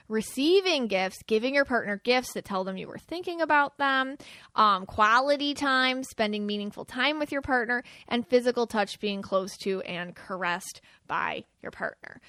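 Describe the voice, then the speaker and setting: A woman's voice: fairly high pitch, fairly bright tone, dry recording, studio quality. A woman hosting a podcast, talking casually and chattily, acting out the quoted lines of the people she describes. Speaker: podcast host.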